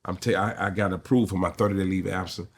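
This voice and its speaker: A man's voice: low-pitched, fast, breathy edge. A middle-aged man, a comedian telling stories in an interview and acting out the voices of people in them. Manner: animated storyteller, acts out quotes. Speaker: comedian guest. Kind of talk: storytelling interview.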